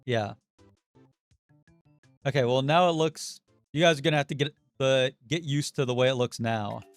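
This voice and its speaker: A man's voice: medium pitch, normal speed, dry recording, soft background music. A man casually thinking aloud while live streaming a video game, his throat getting a little sore. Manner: relaxed, muttering and thinking aloud while playing.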